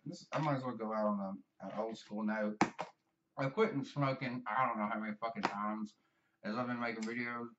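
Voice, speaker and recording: A man's voice: mid-range voice, fairly bright tone, far from the mic. Brief: Southern US guy, meandering, cursing, self-deprecating vlog ramble, muffled and set back from the mic. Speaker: vlogger. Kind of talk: rambling casual monologue.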